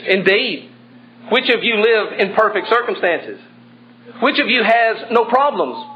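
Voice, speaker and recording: Guy preaching a sermon, kinda high voice, earnest and emphatic, muffled lo-fi sound.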